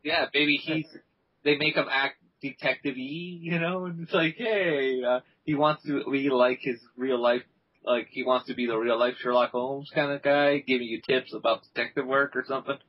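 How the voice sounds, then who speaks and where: A young man co-hosting a casual gaming podcast, playful and jokey, quick to laugh. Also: medium pitch, steady tone. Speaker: podcast co-host. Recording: dull lo-fi recording.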